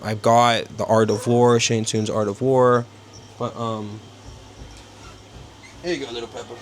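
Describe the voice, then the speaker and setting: A young man vlogging casually from his bedroom, rambling and halting with many fillers. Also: on the low side, a little hiss or hum. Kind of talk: casual self-interview. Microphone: small handheld camera.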